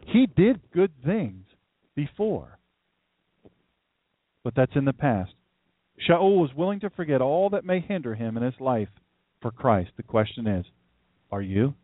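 A man's voice: medium pitch, very animated, unhurried, pauses often, dry recording. A man from downstate Delaware preaching a livestream sermon as pastor, folksy and conversational, with rambling asides. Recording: dry, tinny phone-like sound.

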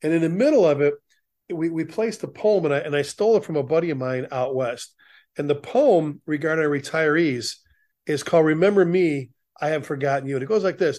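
A middle-aged man with a fairly high voice, hosting a fire service talk show. He tells stories in casual chat and acts out the voices of the people he quotes with lots of life. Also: fairly quick. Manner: animated storyteller acting out quoted voices. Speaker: fire service podcast host.

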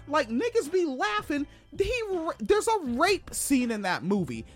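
A man from Washington State hosting a podcast, telling stories in a profane, animated way. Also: measured pace, hardly any pauses, faint music behind. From Washington State, USA. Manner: profane, animated, swings pitch for emphasis. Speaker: podcast host. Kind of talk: casual storytelling chat.

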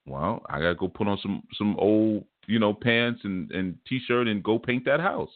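A man hosting a show, telling a story in a relaxed, rambling way and acting out what people said. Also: lowish voice, normal speed, no echo. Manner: relaxed storytelling, repeats "man", acts out quotes. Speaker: spiritual teacher and show host. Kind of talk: casual monologue. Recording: dry phone-like sound.

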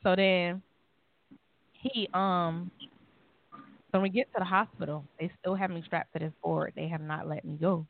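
A woman on a call-in talk show telling a personal story in an animated way, acting out the voices in it. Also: on the low side, normal speed, gravelly, pauses often. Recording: phone-line call.

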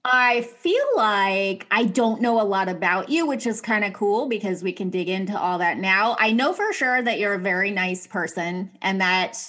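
A woman's voice: medium pitch, normal speed, hardly any pauses, fairly bright tone. A woman hosting a podcast, talking in an effusive, enthusiastic way as she opens the show and interviews a guest. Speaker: podcast host.

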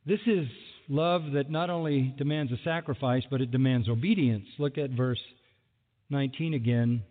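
Animated preacher man in an echoing hall. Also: medium pitch, moderate pace. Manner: animated, rhetorical questions, mock exasperation. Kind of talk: sermon. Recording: phone-like audio in a large echoing hall.

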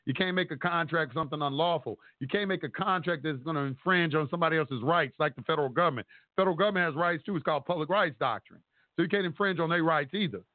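Here a caller rants casually to a talk show, swearing, rambling and pressing his points hard. He talks fast at a fairly high pitch over a tinny phone line that is dry, with no room sound.

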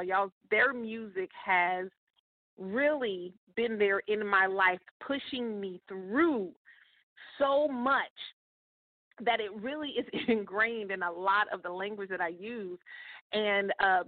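A woman's voice: mid-range voice, dry recording. A woman hosting a morning podcast, talking casually as a success coach, chatty and motivational, speaking straight to her listeners. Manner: chatty, preachy, addresses listeners directly. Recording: tinny phone-like line, dry.

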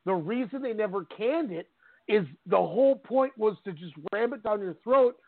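A man co-hosting a podcast in casual chat, telling stories in an animated way and often laughing. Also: high-pitched, normal speed, no echo. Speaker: podcast co-host. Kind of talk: casual chat about wrestling. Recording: tinny phone-like line, dry.

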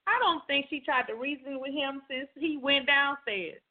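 A high-voiced woman hosting a loose evening chat, blunt and incredulous as she pushes back on her co-host. Her voice comes through thin and narrow, like over a phone line. She teases more than she argues. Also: moderate pace. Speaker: show host. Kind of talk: casual podcast chat. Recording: tinny phone-like sound.

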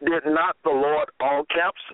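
A man preaching a sermon and reading scripture aloud, slow and deliberate, often repeating phrases. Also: a little high, fairly even intonation, no echo. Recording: tinny phone-line audio.

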